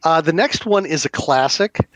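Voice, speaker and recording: A man's voice: on the high side, lively intonation, moderate pace, a bit bright, dry recording. A man hosting a podcast, talking casually and rambling with many restarts. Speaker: podcast host. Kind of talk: casual chat about tabletop games.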